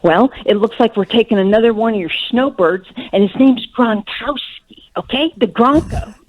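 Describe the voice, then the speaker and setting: A woman's voice: fairly high pitch, moderate pace, a little mellow, dry recording, low-quality recording. A woman calling in to a comedy radio show, crude, rambling and self-deprecating. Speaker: caller.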